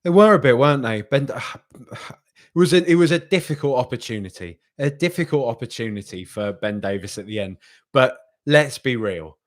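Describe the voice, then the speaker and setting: Chatty man hosting a reaction stream. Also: medium pitch. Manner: chatty and animated, often repeats and restarts phrases. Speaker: football podcast host. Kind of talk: live post-match reaction chat reading viewer comments.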